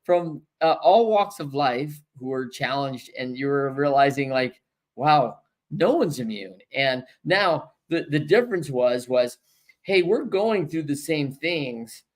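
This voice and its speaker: Host, man with a fairly high voice, loose casual talk, many fillers. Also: animated, unhurried. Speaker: podcast host, coach. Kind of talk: casual conversation.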